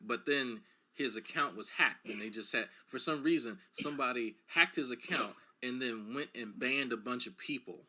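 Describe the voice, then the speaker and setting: A man's voice: mid-range voice, moderate pace, pushed and bright. A man giving casual, sarcastic and exasperated commentary while reacting to a video.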